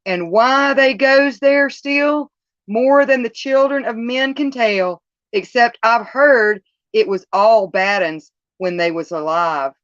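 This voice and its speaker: A woman's voice: a little high, slow pace, a bit bright, no echo, dull audio, voice pushed up. A woman voicing a grave old male shepherd with rustic country speech and solemn warnings, in a storybook reading.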